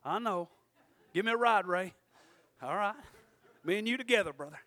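A man preaching a sermon, swinging from shouted exhortation to quiet folksy asides and calling out to the congregation. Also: sits high, lively intonation, normal speed. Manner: frequent call-outs to the congregation.

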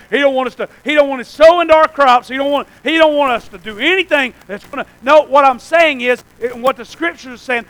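A male preacher with a remarkably high, sharp and forceful voice delivers a fervent revival sermon. He keeps checking in with the congregation and sometimes rises into shouts. The sound is dry and close, with no room echo. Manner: fervent, calls out "amen?" to the congregation; breaks into shouts at high points.

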